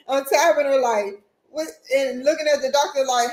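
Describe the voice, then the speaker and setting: A woman hosting her vlog, telling a personal story in a halting, emotional way with many restarts and repetitions. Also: high-pitched, lively intonation. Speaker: vlog host. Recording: roomy echo.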